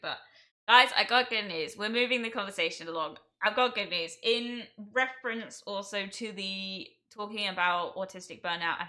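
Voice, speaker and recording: A woman's voice: fairly low pitch, sharp tone. A young woman from England, a streamer chatting casually with her viewers and laughing often. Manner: chatty, reading and answering chat, laughs often. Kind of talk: casual livestream chat.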